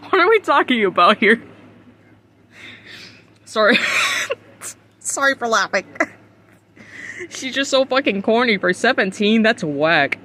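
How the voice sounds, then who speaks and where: A man from the United States reacts on a live stream in a high, bright voice. He is incredulous and profane and keeps breaking into laughter. Faint background noise sits under his voice. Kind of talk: casual reaction commentary.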